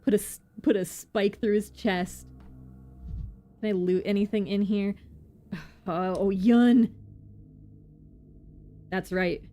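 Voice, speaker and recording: A woman streamer commenting on a game in a casual, excitable way, exclaiming and swearing. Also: medium pitch, a little slow, pauses often, faint music behind. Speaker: vtuber streamer.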